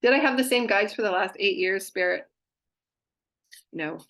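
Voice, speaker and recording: In casual chat, a woman channels spirit guides and relays their messages, gushing affectionately and giggling again and again. Her voice sits mid-range with a fairly bright tone, and she speaks at a moderate pace.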